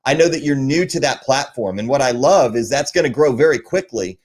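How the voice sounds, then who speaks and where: A man's voice: mid-range voice, animated, fairly quick, darkish tone, slightly rough. Friendly male podcast host. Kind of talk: casual interview.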